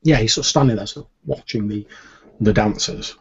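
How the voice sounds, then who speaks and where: A man with a low, husky voice narrates as game master of a tabletop game, laying out scenes in a measured way. The recording is slightly dull.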